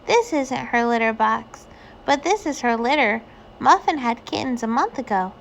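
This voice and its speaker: A woman's voice: lively intonation, moderate pace, creaky, a little hiss or hum. A woman voicing a friendly, eager little girl in a children's storybook. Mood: sweet. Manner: sweet and high.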